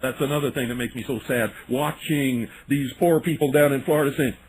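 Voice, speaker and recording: A man's voice: mid-range voice, fairly even intonation, fairly quick, slight background noise, poor audio. A man hosting a radio talk show, delivering an indignant, sarcastic monologue. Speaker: radio host.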